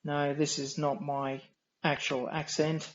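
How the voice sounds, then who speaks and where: An Australian man with a nasal, droning voice talks through a game at a slow, even pace. His delivery is dry and wry, with little rise and fall in pitch, and his voice sits a touch high. The stream audio sounds dull and lo-fi. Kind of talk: casual gameplay commentary.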